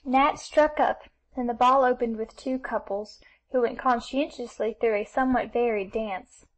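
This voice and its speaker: A woman reads an audiobook of a classic novel in steady, even storytelling. Her voice sits slightly high. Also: rough recording. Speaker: audiobook narrator. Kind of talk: scripted narration of a classic novel.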